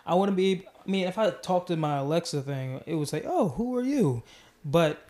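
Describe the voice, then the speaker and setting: A man's voice: fairly high pitch, a little fast. A man hosting a casual podcast, talking in a rambling way with many fillers and restarts. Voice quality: mellow. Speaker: podcast host.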